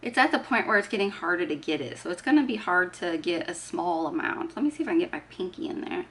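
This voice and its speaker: A woman's voice: lowish voice, expressive, fast talker, fairly bright tone. A woman chatting casually while she does her makeup, talking through each step and poking fun at herself. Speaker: beauty vlogger. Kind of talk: casual get-ready-with-me chat.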